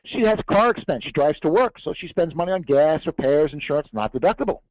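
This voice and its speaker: A man's voice: on the high side, expressive, quick pace, no room sound. Emphatic man giving a tax seminar. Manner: emphatic, rhetorical questions and jokes. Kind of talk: seminar talk to an audience. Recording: tinny narrow-band dry recording.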